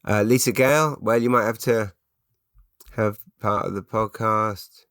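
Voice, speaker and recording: A man's voice: on the low side, fairly even intonation, unhurried, fairly bright tone, no room sound, studio quality. A man hosting a casual podcast, chatting in stop-start bursts while he reads out listener comments and answers their questions. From England. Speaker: podcast host.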